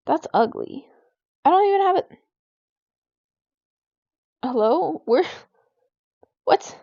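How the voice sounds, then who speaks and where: A teenage gaming vlogger with a high, warm voice and vocal fry vents while playing, rambling slowly and expressively with "like" scattered everywhere. The exasperated chatter is dry, echo-free, and slightly dull, like a lo-fi home mic.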